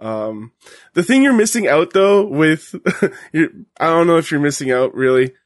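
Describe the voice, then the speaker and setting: A man chatting casually while watching wrestling, relaxed and hesitant with many fillers. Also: on the high side, moderate pace, dry recording, clean studio sound. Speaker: co-commentator.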